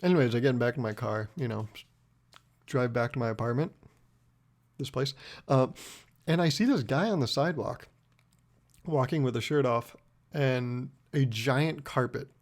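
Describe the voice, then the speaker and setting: Gravelly young man rambling on a podcast. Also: mid-range voice, normal speed, long pauses. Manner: rambling, profane, self-mocking storytelling. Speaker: podcast host. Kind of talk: casual solo podcast monologue.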